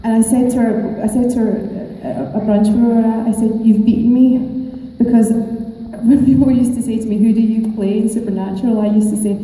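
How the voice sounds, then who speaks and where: A woman's voice: on the high side, steady tone, a little fast, mellow. Laughing woman in an echoey hall. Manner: chatty and joking, laughs often. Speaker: actress on convention panel. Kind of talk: casual, playful panel chat with fans. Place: large convention hall. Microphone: handheld microphone. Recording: echoey hall with long reverb.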